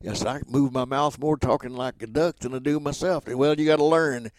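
A man's voice: mid-range voice, brisk, dry recording. An older man, an entertainer, being interviewed and telling anecdotes, acting out the dialogue of the people in his stories. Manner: animated storyteller who acts out quoted dialogue.

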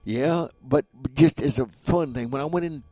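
A man's voice: mid-range voice, normal speed, faint music behind. An older man, an entertainer, being interviewed and telling anecdotes, acting out the dialogue of the people in his stories. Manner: animated storyteller who acts out quoted dialogue.

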